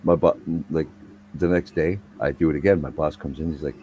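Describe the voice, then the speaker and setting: A man with an extremely deep, dark voice rambles through a story in casual chat. He swears constantly and talks in loose, looping sentences. Faint noise sits behind him. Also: fairly even intonation, brisk, rough recording. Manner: profane, rambling anecdotal delivery.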